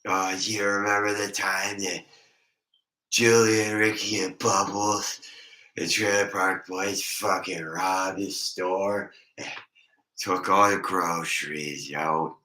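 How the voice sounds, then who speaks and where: A loud, slurring drunk bro put on by a man, swearing freely and tossing in man and bro. The voice sits noticeably higher than his normal talk, and the room gives it a clear echo. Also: steady tone, slow pace, far from the mic, full character voice. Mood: rowdy. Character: rowdy drunk young man, slurring and cussing.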